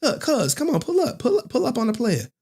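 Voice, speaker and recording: A man putting on a pushy high-pitched street hustler. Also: wildly swooping pitch, fast, darkish tone, breathy edge, exaggerated voice. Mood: hustling. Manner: slangy, pleading, repeats himself. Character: pushy fast-talking male street hustler selling props.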